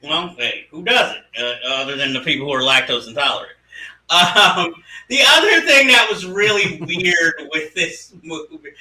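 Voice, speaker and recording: A man co-hosting a casual movie discussion podcast, animated and laughing often as he acts out lines. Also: a little high, measured pace, reverberant, recorded from a distance, poor audio. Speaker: podcast co-host.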